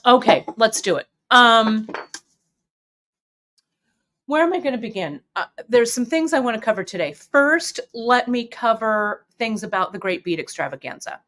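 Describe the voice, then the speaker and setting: A woman's voice: a little high, sing-song, moderate pace, fairly bright tone. A woman hosting a craft shop live stream, chatting casually with viewers, a little teary and sniffling, with lots of fillers and restarts. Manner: chatty and emotional, tearing up, many fillers.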